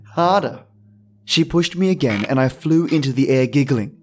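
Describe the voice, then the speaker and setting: A man hosting a podcast, reading a horror story slowly and quietly after a friendly, chatty welcome. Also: mid-range voice, expressive, breathy edge. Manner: friendly, chatty intro, then slow hushed reading. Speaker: podcast host and narrator. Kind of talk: scripted horror story narration. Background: faint music.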